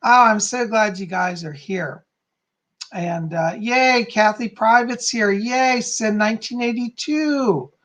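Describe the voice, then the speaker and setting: A man's voice: high voice, takes it slowly, a bit bright. A man hosting a live psychic medium stream, chatting casually and greeting his viewers by name with an upbeat, friendly manner.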